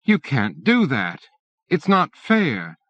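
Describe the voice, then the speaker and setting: An outraged woman spits out her words slowly, in a high, strained voice. A man performs her within the narration. The sound is dull and lo-fi. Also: huge pitch swings, fairly bright tone, no room sound, full character voice. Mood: furious. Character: furious young woman. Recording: dull lo-fi cassette.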